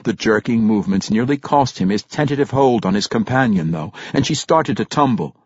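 A man narrating a fantasy audiobook with a dramatic, expressive reading. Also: lowish voice, fairly quick, breathy edge, no room sound, highs cut off.

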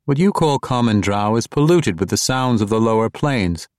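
A man voicing a solemn, formal dark elf woman who explains in measured sentences. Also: lowish voice, lively intonation, dry recording, studio quality, voice pushed up, close to an everyday voice.

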